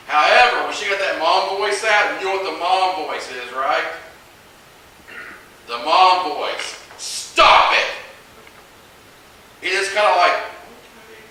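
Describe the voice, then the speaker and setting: A man preaching a sermon in a church in a conversational way, asking the congregation questions and moving between hushed and loud passages. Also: high voice, unhurried, pauses often. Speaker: pastor. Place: church sanctuary. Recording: echoey hall, distant mic, faint hiss.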